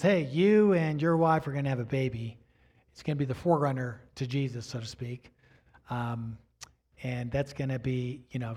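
A middle-aged male pastor delivering a storytelling sermon in a fairly high voice. He speaks in a chatty way, acts out the other people's lines, and keeps checking in with his listeners. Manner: animated storyteller acting out dialogue; chatty, asks "right?" and "you know".

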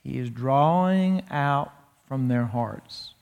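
A man preaching an expository sermon in a church, lively and slowing his delivery to stress key points. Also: mid-range voice, gravelly, clear, resonant tone, lo-fi sound. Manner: animated expository preaching, slows down for emphasis. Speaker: pastor. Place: church sanctuary. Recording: long reverb of a church hall.

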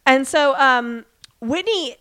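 Woman on a podcast going through an episode scene by scene, bit high voice, lots of um and like. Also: lively intonation, sharp tone. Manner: recaps scenes with quick acted-out quotes, lots of "um" and "like". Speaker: podcast co-host recapping a TV episode. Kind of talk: casual chat.

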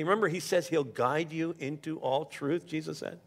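A male pastor preaching in an easy, conversational way, trading stories as he teaches from scripture. His voice sits a little high for a man and carries a gravelly edge, and he often stumbles into restarts. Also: steady tone, brisk, few pauses. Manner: conversational preaching with personal stories and repeated starts. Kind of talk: sermon.

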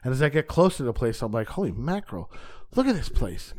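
A male stand-up comedian telling a casual, profane story as a podcast guest, acting out the dialogue with sudden jumps in pitch and loudness. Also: big pitch swings, quick pace. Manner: profane, rambling with frequent restarts.

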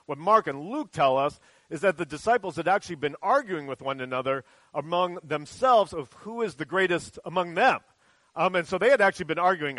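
A man with a fairly high voice gives a children's sermon, chatty and animated as he tells the story. The sound is close and dry, with almost no room echo. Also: fairly quick. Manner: conversational, animated storytelling with acted quotes. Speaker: pastor. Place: church sanctuary.

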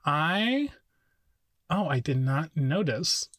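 Theatrical, animated man podcast guest. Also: a little high, takes it slowly, no room sound, clean studio sound. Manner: theatrical, playful, mock-grand. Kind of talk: casual podcast chat. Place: small closet studio.

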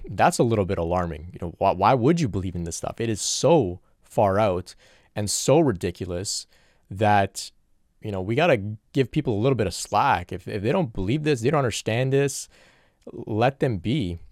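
A man's voice: lowish voice, animated, moderate pace, darkish tone, no echo, clean studio sound. A man in an earnest, reflective solo question-and-answer talk, working through spiritual questions from viewers.

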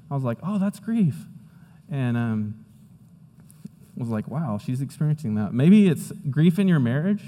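Conversational young man preaching in a hall. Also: medium pitch. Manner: conversational storytelling preacher, animated retellings. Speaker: pastor. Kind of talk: sermon. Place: church hall. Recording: long hall reverb.

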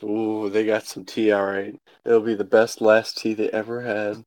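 Low-voiced man in loose, dry chat. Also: level tone, a little mellow, dry recording. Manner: laid-back, profane, quick to laugh along. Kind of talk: casual chat.

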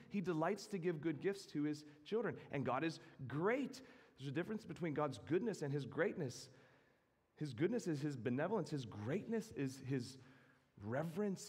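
Man preaching in a reverberant hall. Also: a little high. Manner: measured, reflective preaching with occasional restarts. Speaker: pastor. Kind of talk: sermon.

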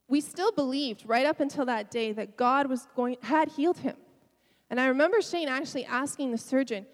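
A middle-aged woman pastor preaching a sermon, telling a personal story with emotion and soft laughs. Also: on the high side, long reverb tail.

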